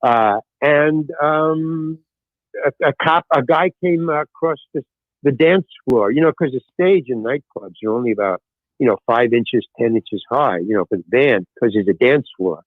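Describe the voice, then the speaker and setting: An older man telling stories as a podcast guest in casual chat, animated and restarting his sentences often. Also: medium pitch, moderate pace, no echo. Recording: tinny phone-like dry sound.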